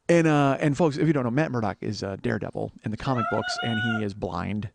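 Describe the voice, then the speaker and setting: Fast and nearly pause-free, a podcast host with a fairly high, fry-tinged voice delivers a solo monologue about a road trip over a podcast mic. He curses a lot and animatedly acts out quotes, and a little hiss or hum sits in the background.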